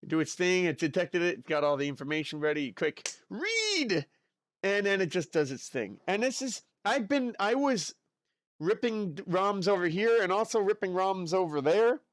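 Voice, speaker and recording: A man's voice: high-pitched, very animated, moderate pace, dry recording. A male streamer chatting casually and playfully with his live chat while he works at his desk.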